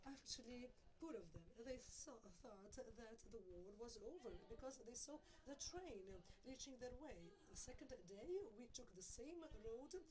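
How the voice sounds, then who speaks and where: Woman, fairly high voice, panel speaker, hesitant first-person retelling. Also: lively intonation, unhurried, few pauses, rough recording. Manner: hesitant, many fillers. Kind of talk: retelling a train driver's story.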